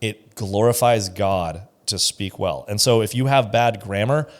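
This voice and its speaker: A man's voice: fairly low pitch, measured pace. A man who is a pastor, co-hosting a podcast and giving his views in an emphatic, opinionated way. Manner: opinionated, emphatic, acts out quoted voices. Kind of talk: casual podcast discussion.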